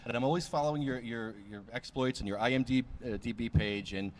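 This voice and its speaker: A man hosting a casual podcast, chatting excitably and scolding his co-hosts in playful banter. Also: fast, slight background noise. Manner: excitable, scolding banter with big pitch swings. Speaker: podcast host. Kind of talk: casual chat.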